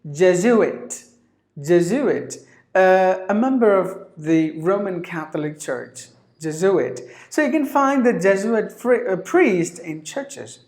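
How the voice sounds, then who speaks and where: A man teaching English pronunciation, repeating each word several times in a drawn-out way. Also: high-pitched, expressive, a little mellow. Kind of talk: pronunciation lesson. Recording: roomy echo.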